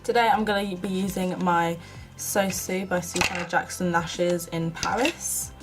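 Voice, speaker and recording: A woman's voice: lowish voice, steady tone, measured pace, over music, poor audio. A young woman from the UK chatting casually through a makeup tutorial, self-mocking and often half-muttering to herself. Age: young adult. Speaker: beauty vlogger.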